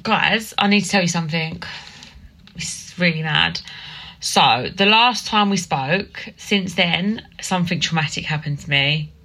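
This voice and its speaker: Young female podcast host, Essex accent, slightly low and bright voice, casual gossipy storytelling. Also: a little slow, low-quality recording. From Essex, England. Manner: chatty, dramatic storytelling with many fillers. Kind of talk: casual solo podcast chat.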